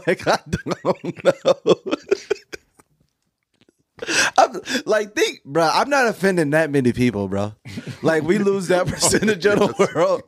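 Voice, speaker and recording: Laughing, animated man ranting on a podcast. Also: high voice, slow pace, no room sound. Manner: laughing, joking, loud animated rants. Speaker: podcast co-host. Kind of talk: casual podcast banter.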